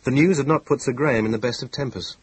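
Husky male audiobook narrator. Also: mid-range voice, quick pace, no room sound, poor audio. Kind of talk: scripted narration.

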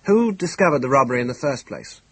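A brusque, impatient police commissioner, an old army man, from a classic detective story, as a male narrator voices him. He talks in short, clipped questions with a husky, dry tone, pitched a touch above the narration. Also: animated, fast talker, fairly bright tone, no room sound, low-quality recording.

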